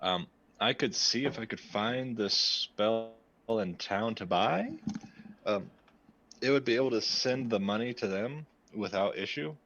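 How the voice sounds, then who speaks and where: Man, tabletop player, casual, low voice, dull lo-fi recording. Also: measured pace, a bit bright.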